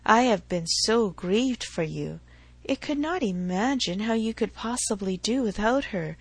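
A woman voicing a gentle, sympathetic young married woman in a narrated novel, speaking in a plaintive tone. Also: mid-range voice, expressive, unhurried, breathy edge, no echo.

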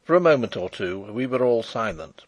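A man narrating an audiobook chapter in expressive storytelling style. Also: medium pitch, normal speed, no echo. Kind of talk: scripted narration.

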